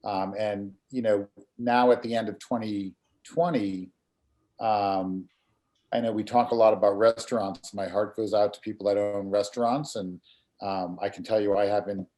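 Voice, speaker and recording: A middle-aged man, a graphic designer and community volunteer, talking casually in an online community meeting over a video call. He speaks earnestly and haltingly, often repeating words as he gathers his thoughts. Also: fairly low pitch, fairly even intonation, dark tone.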